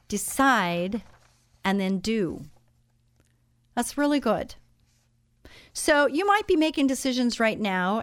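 A woman's voice: mid-range voice, smooth, dry recording, clean studio sound. A woman hosting a Christian radio talk show, speaking conversationally with many fillers.

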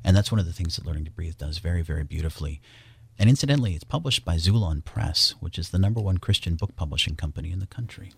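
Man, radio guest, very deep voice, dry close sound, enthusiastic. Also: lively intonation, fast talker, gravelly, breathy edge, no echo. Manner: enthusiastic, promotional, reads scripture. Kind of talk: radio interview talk.

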